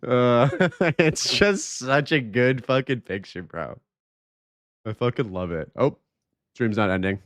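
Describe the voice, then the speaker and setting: A man streaming a video game live, chatting casually with his viewers, excitable and swearing freely. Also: mid-range voice, slow, dry recording. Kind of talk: casual live-stream chat while gaming.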